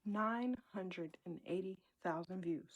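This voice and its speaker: A woman's voice: mid-range voice, slow, a crowd in the background, low-quality recording. A woman YouTuber talking to her viewers in a sassy, direct way. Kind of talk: vlog to camera.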